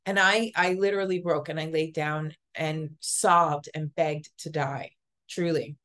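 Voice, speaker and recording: A woman telling a personal story as an interview guest, earnest and halting, often repeating words. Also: deep voice, fairly even intonation, fairly bright tone. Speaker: podcast guest, psychic Reiki master.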